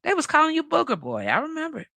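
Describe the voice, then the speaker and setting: A woman host with a bright, lively voice and a gravelly edge trades sassy quips in casual talk show banter. The sound is dry and close. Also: high-pitched, fast talker, dry recording. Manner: sassy, quips with sayings and "honey".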